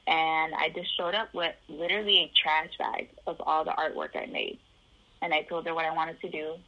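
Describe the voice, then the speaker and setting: A woman's voice: low voice, animated, moderate pace, bright, forceful tone, highs cut off. A woman from the Chicago area telling her life story in an interview, acting out the voices of the people in it.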